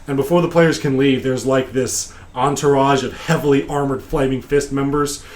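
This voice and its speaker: A man's voice: medium pitch, steady tone, normal speed. A man hosting a podcast, recapping a tabletop game session in casual chat, rambling with many fillers. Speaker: podcast host.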